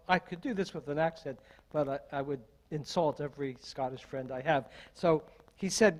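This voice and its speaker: An older man, an associate minister, delivering a sermon in a measured, deliberate way with strings of rhetorical questions. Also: on the high side, rough recording.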